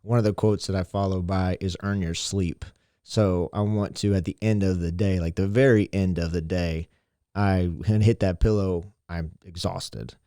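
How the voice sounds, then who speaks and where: A man's voice: sits low, fairly even intonation, moderate pace, warm tone, no room sound, studio quality. A man, a teacher and mentor, talking earnestly and reflectively in a casual interview, often repeating himself. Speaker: teacher and mentor, podcast guest.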